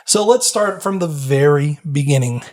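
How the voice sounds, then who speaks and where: A man's voice: on the high side, lively intonation, moderate pace, a little mellow. A man hosting a casual history podcast, explaining at length with frequent fillers and restarts. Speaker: podcast host.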